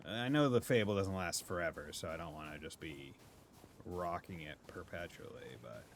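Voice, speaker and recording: A man's voice: low-pitched, animated, moderate pace, creaky, background noise. A man streaming a video game live, chatting casually and joking as he plays. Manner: laid-back, joking, muttering asides. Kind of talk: casual live gameplay commentary.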